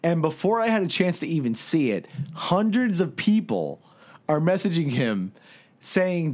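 A man with a fairly high voice tells a long anecdote in a loose podcast chat. He circles back and restarts his sentences, leans on fillers, and laughs at his own story as it goes. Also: big pitch swings, a little slow, darkish tone. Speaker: podcast co-host.

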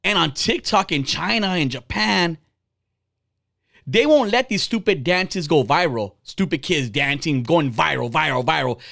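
A man's voice: a little high, animated, a little slow, vocal fry, a bit bright. A man in his forties hosting a podcast, ranting bluntly and heatedly with lots of swearing. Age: 40s. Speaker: podcast host. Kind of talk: casual ranting podcast talk.

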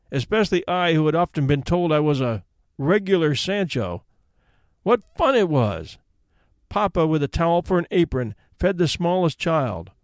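Animated male storyteller, dry recording. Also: fairly high pitch, dry recording. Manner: animated, expressive reading. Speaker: podcast host and storyteller. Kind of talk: scripted story narration.

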